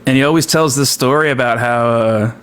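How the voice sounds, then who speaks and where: A man's voice: mid-range voice, a little fast, a bit bright, clear, resonant tone. A man chatting casually and rambling, with many fillers. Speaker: comedic streamer. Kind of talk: casual chat.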